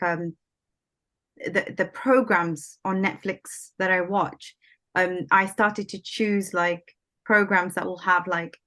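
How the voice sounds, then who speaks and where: A woman's voice: mid-range voice, sharp tone. A woman chatting casually and hesitantly, with many "like"s and restarts. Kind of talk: casual chat.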